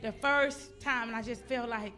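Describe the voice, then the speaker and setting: Loud, bright-voiced woman preaching. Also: fairly high pitch, steady tone, normal speed, soft background music. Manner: loud, exuberant, emotional testimony to a crowd. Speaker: guest speaker, business owner. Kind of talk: motivational church talk. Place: church stage.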